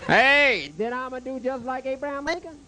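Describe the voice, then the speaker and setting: A man doing a stand-up comedy set in a club, jokey and animated, stammering through restarts and bantering with the crowd and the waiter. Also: very high voice, a little fast, slight background noise.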